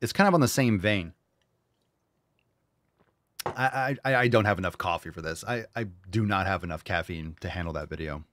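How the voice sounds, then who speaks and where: A man's voice: low-pitched, moderate pace, pauses often, a bit bright. A man hosting a casual reaction show, talking bluntly and sarcastically with plenty of swearing. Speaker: show host.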